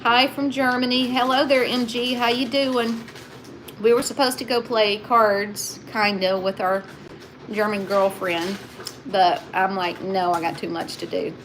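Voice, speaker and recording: A woman from the Southern United States hosts a casual livestream, chatting and reading viewer comments out loud. Her voice is medium-pitched with a fairly bright tone, and the rough recording carries slight background noise.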